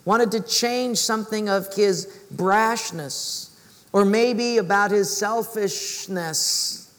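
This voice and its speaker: A male preacher telling a story in a sermon, animated and acting out voices. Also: sits high, slow. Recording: reverberant hall.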